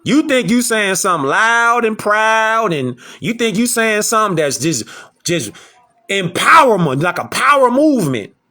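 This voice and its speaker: A man's voice: high-pitched, sing-song, normal speed, pushed and bright. A man lecturing his audience in an emphatic, preachy way, repeating rhetorical questions. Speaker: online lecturer. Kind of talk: preachy commentary to camera.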